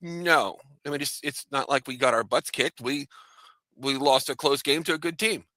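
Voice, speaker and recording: A man's voice: medium pitch, normal speed, sharp tone, dry recording. A man on a sports talk panel, joking and teasing the others as he talks. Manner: wisecracking, teasing.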